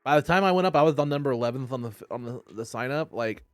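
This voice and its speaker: Fast-talking male comic guest. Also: mid-range voice, dry recording, faint music behind. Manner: quick, animated, profane. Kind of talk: casual podcast chat.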